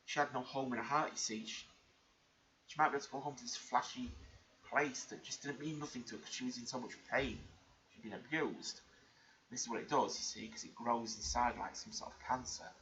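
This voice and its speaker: A man's voice: mid-range voice, fairly even intonation, fairly quick, a bit bright. A man vlogging, telling an emotional personal story in an earnest, rambling way with many restarts. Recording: muffled lo-fi recording with faint background hiss.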